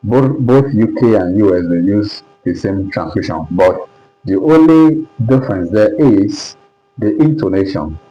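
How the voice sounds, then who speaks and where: A man's voice: on the low side, animated, unhurried, highs cut off. A man teaching English pronunciation at a board, speaking with a Nigerian English accent and repeatedly asking whether his students understand. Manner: repetitive, keeps checking understanding. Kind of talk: classroom lesson at a board.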